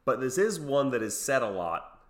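A man's voice: mid-range voice, very animated, normal speed. A man co-hosting a podcast in casual chat. He jokes, laughs often and restarts his sentences. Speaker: podcast co-host.

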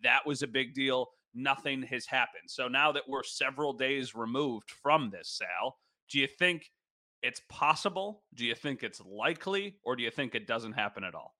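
A man's voice: medium pitch, moderate pace, bright, forceful tone, no echo. A man co-hosting a sports podcast, chatting casually and joking about himself. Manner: chatty, self-deprecating. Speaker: podcast co-host.

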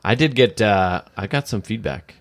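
Lowish voiced guy, teacher on a podcast, blunt opinions, laughs a lot. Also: moderate pace. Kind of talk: casual chat.

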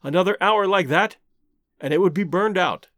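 A man narrating an adventure novel as an audiobook, with dramatic, expressive storytelling. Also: high voice, moderate pace, no echo, clean studio sound.

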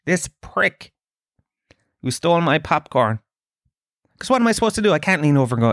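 A man hosting a podcast, telling a comic story in a profane, ranting, animated way. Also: a little high, a little slow, long pauses, dry recording, studio quality. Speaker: podcast host.

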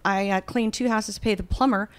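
A woman, a business founder telling her story in a casual interview, animated and acting out other people's voices. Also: medium pitch, brisk. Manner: animated, acts out quoted voices. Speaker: guest, bakery founder.

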